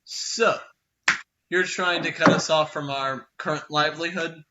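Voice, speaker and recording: A man doing a loud, suspicious orc raider. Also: on the high side, steady tone, a little slow, muffled recording, very noisy, voice pushed up, close to an everyday voice. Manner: loud, yelling, blunt.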